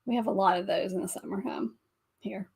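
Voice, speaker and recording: A woman's voice: mid-range voice, fairly even intonation, a little fast, gravelly, a little mellow, slight background noise. A woman co-hosting a casual livestream chat, laughing often between remarks. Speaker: livestream co-host.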